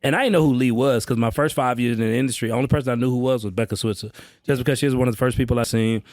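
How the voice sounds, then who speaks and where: Slangy energetic man guesting on a podcast. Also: medium pitch, rapid-fire, dry recording, studio quality. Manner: energetic, slangy, street-casual. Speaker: podcast guest, sales trainer. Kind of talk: casual podcast chat. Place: on-site session at a roofing company.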